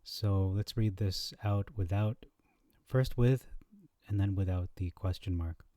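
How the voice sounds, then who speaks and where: A man hosting a scripture comparison lesson, reading verses aloud and thinking out loud with fillers, on a close mic. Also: low voice, slow, no room sound. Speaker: Bible teacher.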